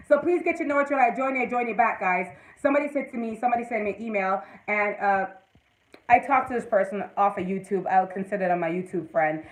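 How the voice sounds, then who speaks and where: A woman's voice: medium pitch, fast, poor audio. A woman hosting a casual livestream, giving motivational advice and greeting viewers by name. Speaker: livestream host.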